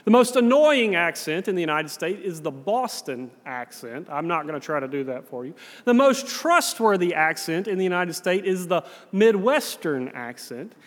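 A man's voice: sits high, sing-song, normal speed. A man with a Southern US accent preaching a sermon in a conversational, storytelling manner in a church sanctuary. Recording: long reverb in a large hall.

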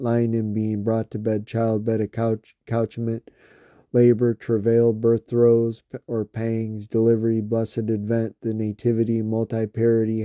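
A man slowly reading a long list of words aloud, one by one, with small slips and restarts. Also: lowish voice, warm tone, no echo, clean studio sound. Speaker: reader.

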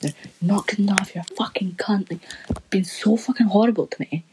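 A woman's voice: medium pitch, normal speed, background noise. A young woman rambling through a story in casual chat, swearing constantly as a podcast co-host.

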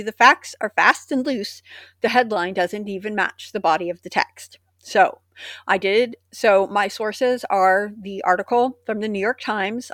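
A young woman co-hosting a podcast, chatting and reading an old article aloud. She breaks off for sarcastic, swearing asides. Her pitch sits mid-range, and the recording is close and dry. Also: dry recording. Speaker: podcast co-host. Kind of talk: casual chat, reading a news article aloud.

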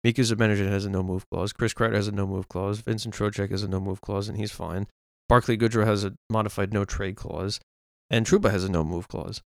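Gravelly, frustrated man ranting about sports. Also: on the low side, fairly even intonation, dry recording, clean studio sound. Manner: frustrated, rapid ranting with restarts and swearing. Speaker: podcast co-host. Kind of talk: casual sports chat.

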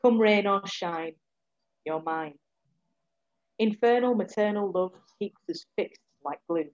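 A woman who is a poet, reading her short poems in a soft, measured way and chatting between them. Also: medium pitch, dull audio. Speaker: poet, guest. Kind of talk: poetry reading and casual chat.

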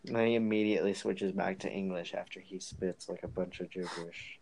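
Deep-voiced teen guy telling a story. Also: steady tone, a little fast, vocal fry, background noise. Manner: rambling storyteller, swears freely. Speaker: guest. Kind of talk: casual chat.

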